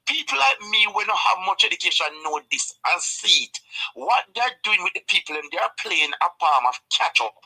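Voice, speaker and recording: A man with a Jamaican accent, chatting casually about politics and telling rambling, animated stories in patois. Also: sits high, moderate pace, husky, poor audio.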